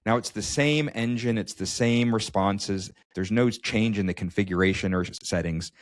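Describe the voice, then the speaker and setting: A man's voice: lowish voice, moderate pace, no room sound, studio quality. A man co-hosting a podcast, telling a personal story in casual chat with many restarts and stammers. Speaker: podcast co-host.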